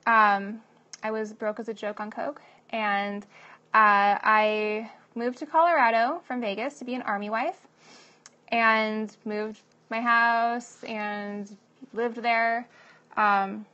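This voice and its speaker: A woman's voice: on the high side, steady tone, slow, pushed and bright, lo-fi sound. A woman in her late twenties giving casual advice to young moms, chatty and laughing often, filling her talk with "like" and "you know". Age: 20s.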